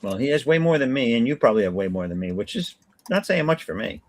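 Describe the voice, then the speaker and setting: A man hosting a relaxed live drawing stream, joking and rambling in casual chat with a friend. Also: medium pitch, fast talker. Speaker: comic artist streamer.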